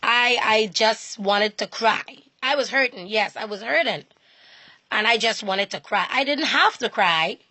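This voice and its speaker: This inspirational speaker talks earnestly and animatedly about her faith in a fairly high, pushed, bright voice. Her delivery is repetitive, with halting restarts.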